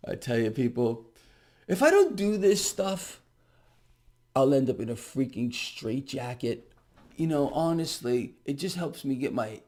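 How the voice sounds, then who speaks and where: A middle-aged man with a medium-pitched voice records a casual market commentary vlog to camera. He's sarcastic and animated, mocking officials with sudden outbursts.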